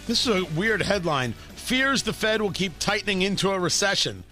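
High, bright-voiced sarcastic male talk host. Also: expressive, moderate pace, hardly any pauses, faint music behind. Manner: sarcastic, emphatic, incredulous. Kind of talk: opinionated political talk commentary.

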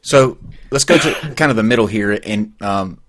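A man hosting a casual panel chat, moderating briskly and moving topics along. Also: lowish voice, a bit bright. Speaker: podcast host.

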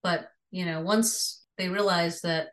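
A woman's voice: fairly low pitch, fairly even intonation, slow, rough recording. A retired teacher in her sixties, a woman, speaking frankly and conversationally about her life in an interview. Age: 60s. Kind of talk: personal storytelling.

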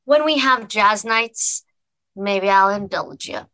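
Brash swearing rocker lady, a woman's own voice, forceful and dry. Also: mid-range voice, slow, no echo, poor audio. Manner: swears freely, breezy and teasing. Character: brash female musician, cocky and profane.

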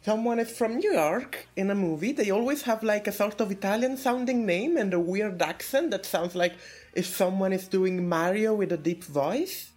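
A woman's voice: medium pitch, moderate pace, darkish tone, slightly rough. A woman co-hosting a podcast in casual chat, rambling with lots of restarts and fillers. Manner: rambling, many "like"s and restarts, giggly. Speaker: podcast co-host.

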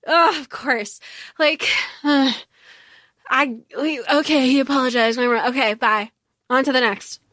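A woman's voice: sits high, steady tone, a little slow, fairly bright tone, no room sound. Rambling woman podcast co-host, dry mic. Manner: rambling, many fillers and restarts, hedging. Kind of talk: casual book-review chat.

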